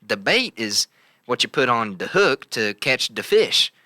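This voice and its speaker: A laid-back country college guy in camo, as a man puts him on. He talks slow and plain, in a dry, close voice with a low, bright edge. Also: big pitch swings, no room sound, heavily acted. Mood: matter-of-fact.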